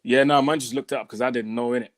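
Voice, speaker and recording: A man's voice: medium pitch, steady tone, rapid-fire, dry recording, clean studio sound. A man on a football podcast, laid-back and slangy. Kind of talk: casual podcast chat.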